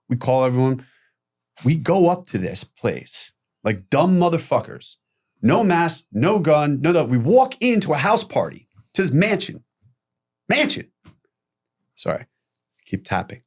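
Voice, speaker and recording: A man guest on an interview podcast, recounting his past in a lively, profane storytelling manner. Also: fairly high pitch, measured pace, long pauses. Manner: animated retelling with profanity, acting out quoted voices.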